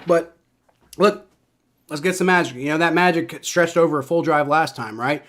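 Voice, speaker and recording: A young man calling a football game live as he watches it, his voice bright and cutting with a slightly high pitch. He reacts loudly to every play, swears freely and fills the gaps with casual chatter. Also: normal speed. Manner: excitable, swears, reacts to plays aloud.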